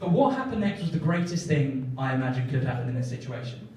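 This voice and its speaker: A man's voice: mid-range voice, very animated, fast talker, a little mellow. A young man doing a stand-up set, self-deprecating and sweary as he tells a story. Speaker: stand-up comedian. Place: comedy club stage. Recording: echoey club, mic from far off, audience.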